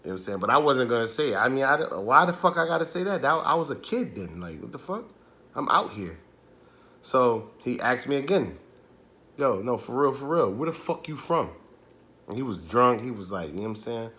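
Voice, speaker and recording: A young man telling a true street story in casual, animated, profane slang. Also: medium pitch, a little fast.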